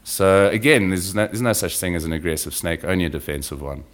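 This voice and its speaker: A man talking as a podcast guest, telling field stories in a relaxed, anecdotal way and dropping his voice low when he describes animals. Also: brisk. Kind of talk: casual conversational storytelling.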